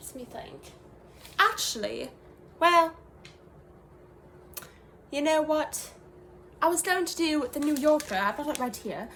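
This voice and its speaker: A woman's voice: sits high, lively intonation, slow, long pauses, a bit bright, slight background noise, exaggerated voice. A young woman playing a self-serious fake professor in an improvised comedy sketch, talking in a rambling, mock-serious way with lots of fillers and trailing sentences. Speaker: comedy creator.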